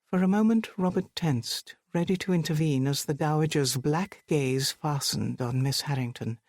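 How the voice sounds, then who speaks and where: An audiobook narrator reading a period mystery in an even, measured way. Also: medium pitch, no echo, clean studio sound. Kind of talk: scripted narration.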